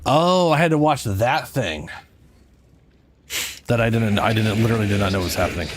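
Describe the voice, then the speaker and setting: A man's voice: fairly low pitch, expressive, normal speed, a little hiss or hum. A man streaming a game in casual chat, sleep-deprived and rambling, cursing now and then.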